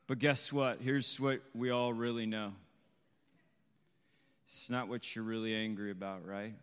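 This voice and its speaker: Male preacher, unhurried sermon delivery, smooth resonant tone, surging to loud peaks, long reverb of a hall. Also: fairly even intonation. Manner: swells to loud, high emphatic peaks; asks the congregation questions, adds "right?". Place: congregation hall.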